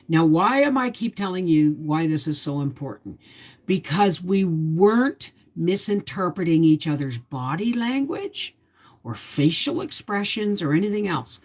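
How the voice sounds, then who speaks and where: Low husky woman chatting on a livestream. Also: a little mellow. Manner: confiding, rambling storyteller who greets viewers. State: emotionally tired. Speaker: homestead vlogger hosting a livestream. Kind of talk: casual live-stream chat.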